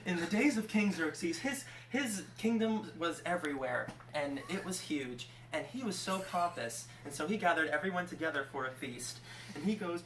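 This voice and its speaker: A man rushing through a comic retelling of an old story, rambling and correcting himself, with many fillers. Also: fairly high pitch, animated, a bit bright, far from the mic. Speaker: channel host. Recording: roomy, from off-mic.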